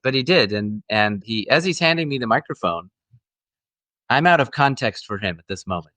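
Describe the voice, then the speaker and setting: A man's voice: mid-range voice, expressive, normal speed, bright, forceful tone, no echo. A middle-aged man, an actor guest, telling stories in a friendly, casual interview chat with frequent restarts.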